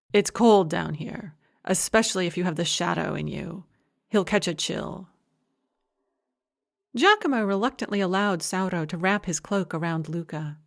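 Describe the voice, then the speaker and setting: A woman reading a fantasy novel aloud as audiobook narrator, giving every character the same gentle reading with only slight voice changes. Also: lowish voice. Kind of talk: scripted narration.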